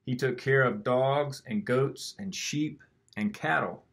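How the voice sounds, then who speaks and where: A man reads a children's picture book aloud at an unhurried pace, gentle and expressive. His middle-range voice stays warm toward the children listening. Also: mid-range voice. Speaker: children's story reader.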